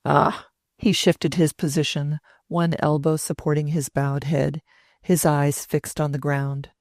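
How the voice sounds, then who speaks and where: A woman narrating a classic novel as an audiobook, in a measured, deliberate way. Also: low voice, little pitch movement, a little mellow, no echo, clean studio sound.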